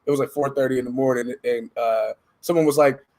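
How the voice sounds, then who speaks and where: A man hosting a casual podcast interview. He tells lively stories, laughs often and swears freely. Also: medium pitch, brisk. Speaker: podcast host.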